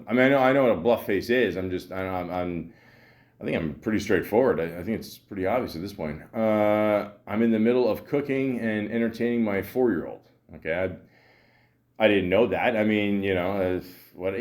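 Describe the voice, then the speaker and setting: A man talking on his own podcast in a casual, meandering monologue. He uses a lot of fillers and stammers as he restarts, and drops dry, sarcastic remarks. His voice sits low. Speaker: podcast host.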